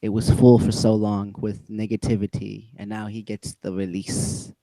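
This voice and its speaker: A man's voice: fairly low pitch, level tone, moderate pace, creaky, warm tone, no room sound. A man co-hosting a casual livestream chat, laid-back and self-deprecating. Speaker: co-host.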